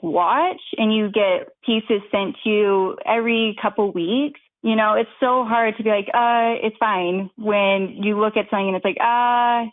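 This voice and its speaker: A woman's voice: mid-range voice, no room sound. A woman in her thirties, an author guest, chatting in a bubbly, chatty way. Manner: bubbly, chatty, laughs often. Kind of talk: casual interview chat. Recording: tinny phone line.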